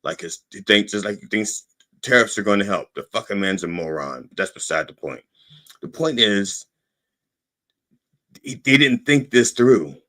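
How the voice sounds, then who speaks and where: A low-voiced man with a swooping, animated delivery rants through a satirical monologue. He is sarcastic and profane, and he keeps checking in with a pointed "okay?". It sounds like a podcast host holding forth on his own show. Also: normal speed, long pauses.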